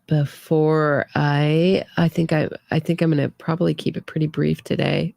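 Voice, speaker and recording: A woman delivers opinionated true crime commentary in a relaxed, conversational way. Her voice has a gravelly edge, and she trails off and restarts her sentences often. The recording is dry and close. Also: low-pitched, moderate pace, no echo. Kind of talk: casual commentary.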